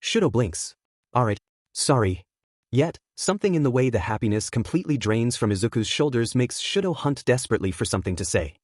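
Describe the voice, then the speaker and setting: A man narrating a fan fiction story aloud in a steady, even storytelling manner. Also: mid-range voice, quick pace, hardly any pauses, no room sound, clean studio sound. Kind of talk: audiobook reading of fan fiction.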